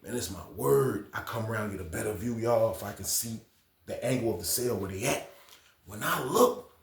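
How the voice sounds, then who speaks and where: A man's voice: fairly low pitch, expressive, moderate pace, vocal fry, background noise. A man casually telling a prison story to his viewers, with a lot of slang and repeated phrases. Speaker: storytime channel host. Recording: echoey room.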